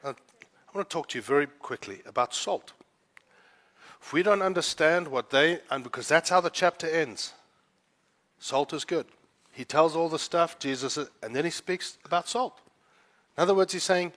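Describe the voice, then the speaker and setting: A man's voice: on the high side, moderate pace, long pauses, a bit bright. A man from Africa, preaching a sermon in a fervent, conversational storytelling way. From South Africa. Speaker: pastor.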